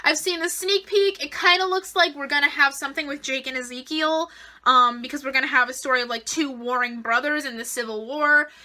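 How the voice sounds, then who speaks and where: A woman with a very high, bright voice gushes through a casual fan review vlog of a TV episode. She talks a little fast and comes across as emotional, excitable, and rambling.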